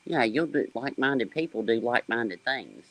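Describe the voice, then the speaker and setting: A man's voice: medium pitch, expressive, moderate pace, a bit bright, poor audio. A man from the American South with a Southern accent, talking bluntly and with slang as a panelist on a casual livestream.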